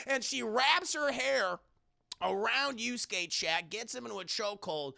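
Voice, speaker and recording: Gravelly young man rambling an anime recap. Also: very high-pitched, lively intonation, a little slow, bright, forceful tone, no echo, clean studio sound. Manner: rambling, profane, lots of restarts. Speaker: anime reviewer. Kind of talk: casual recap addressing chat.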